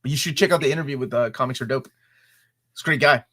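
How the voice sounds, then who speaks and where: Bright-voiced male comics show co-host. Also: mid-range voice, fast talker. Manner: relaxed, enthusiastic, reads sponsor spots. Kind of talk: casual live-stream chat.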